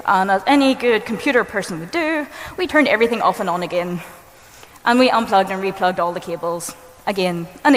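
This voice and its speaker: A woman giving a conference talk, telling a story with lively, dry humor. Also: medium pitch. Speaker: conference speaker. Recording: long hall reverb.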